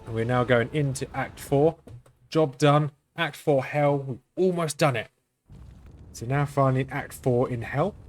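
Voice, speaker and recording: A man hosting a let's-play, talking through his game in a flat, understated way as he thinks aloud. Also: mid-range voice, unhurried. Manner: monotone, understated delivery; thinking aloud while playing. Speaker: gaming channel host.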